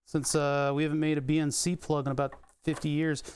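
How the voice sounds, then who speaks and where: During a casual live teardown, this electronics repair streamer from Philadelphia mutters, swears at bolts that won't budge, and talks in his local accent. He speaks a little fast in a high, clean, darkish voice with little pitch movement.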